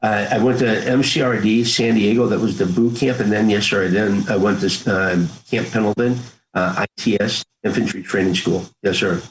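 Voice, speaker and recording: An older man in his sixties talks through his memories as an interview guest. He is earnest and folksy, and he slips into the voices of family members as he retells old talks. His voice sits a little low. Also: steady tone, moderate pace, rough recording. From United States. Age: 60s. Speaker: interview guest, former Marine. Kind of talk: conversational storytelling.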